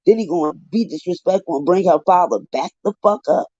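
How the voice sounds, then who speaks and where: A man's voice: sits high, fast talker, mellow, no room sound. Exasperated profane man ranting live. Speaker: livestream commentator. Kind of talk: heated live commentary. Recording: dull lo-fi dry livestream audio.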